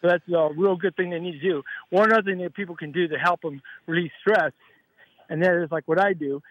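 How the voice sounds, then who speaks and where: A male caller on a radio phone-in who rambles on in long, earnest run-on stretches. His voice is a little high for a man, with a close, dry sound. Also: fairly even intonation, a little fast, dry recording, muffled recording. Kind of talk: phone-in call to radio show.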